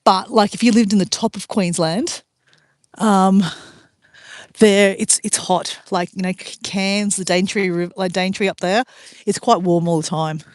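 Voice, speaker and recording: A woman's voice: mid-range voice, fairly even intonation, measured pace, no echo. Chatty Australian woman walking outdoors. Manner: chatty and rambling, talks while walking outdoors. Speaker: vlogger. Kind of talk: casual walking vlog, chatting with viewers. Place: outdoor walking track by a river.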